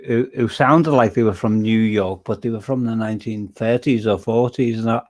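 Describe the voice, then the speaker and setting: An Englishman hosting a casual online voice chat, rambling with halting restarts. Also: medium pitch. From England. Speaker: chat host.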